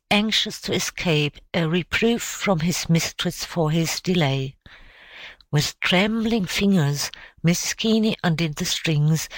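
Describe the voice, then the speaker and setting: A woman narrating an audiobook story in a measured, steady reading voice. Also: lowish voice, dry recording. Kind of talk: scripted narration.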